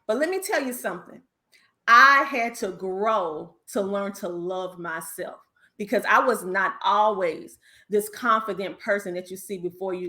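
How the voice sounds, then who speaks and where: A woman's voice: mid-range voice, pushed and bright. A woman with a Southern US accent, a business coach giving an emphatic, preacher-like motivational talk on a video call, calling listeners honey. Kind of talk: motivational speech in an online panel.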